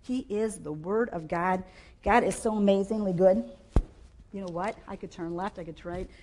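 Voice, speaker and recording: A woman delivering a sermon in an animated, emphatic way, her voice jumping into loud bursts. She sits at a middle pitch for a woman and speaks into a clip-on mic. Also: moderate pace, slight background noise. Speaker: preacher.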